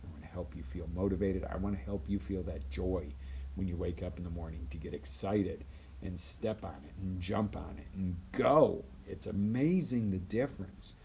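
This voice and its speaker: A man giving a live motivational talk as a life coach, energetic, swinging between loud bursts and quiet asides and acting out quoted voices. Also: low voice, moderate pace, gravelly, a little hiss or hum.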